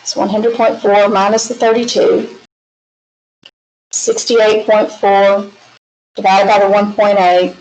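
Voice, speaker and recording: A woman's voice: medium pitch, level tone, slow pace, pauses often, a little mellow. A woman with a Southern US accent teaching a math lecture, walking through problems step by step with chatty, folksy asides. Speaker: math instructor. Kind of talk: recorded classroom lecture. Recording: echoey classroom with faint hiss.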